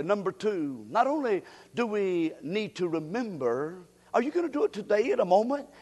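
A male pastor preaching a sermon in a church, with emphatic delivery that surges into shouts. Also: sits high, lively intonation, normal speed, big-room sound. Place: church sanctuary.

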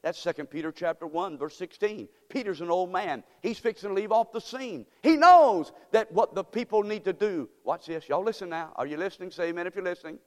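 A man's voice: high-pitched, lively intonation, fairly quick, hardly any pauses. A man preaching a sermon from the pulpit, firing rhetorical questions at the congregation. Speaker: pastor. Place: church sanctuary. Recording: long hall reverb in church.

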